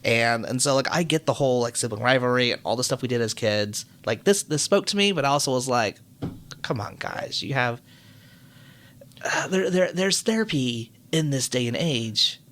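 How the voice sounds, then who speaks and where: A man co-hosting a podcast, chatting casually and telling animated, joking stories. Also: medium pitch, fairly quick, hardly any pauses. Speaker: podcast co-host. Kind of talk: casual chat.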